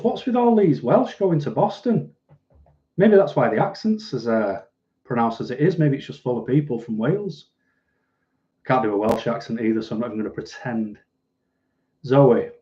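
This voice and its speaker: A man from Manchester, England, with a Mancunian accent, hosts a casual livestream and answers viewer comments in a dry, self-deprecating way. His voice is medium-pitched and mellow, with the highs cut off.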